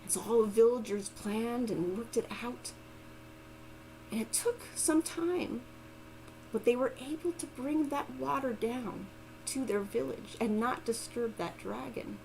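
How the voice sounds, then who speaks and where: A woman telling a folk tale aloud, expressive and lively. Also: fairly high pitch, unhurried, gravelly, a little hiss or hum, rough recording. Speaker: storyteller. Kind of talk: oral storytelling.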